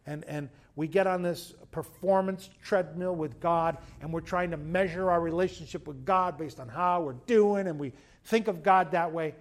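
A man, a pastor telling a story in a conversational sermon, moving between loud emphasis and quiet asides. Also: high voice. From United States.

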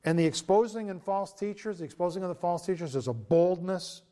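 A pastor preaching a sermon in an earnest, conversational way, often pausing with fillers and restarting his sentences. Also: high-pitched, mellow.

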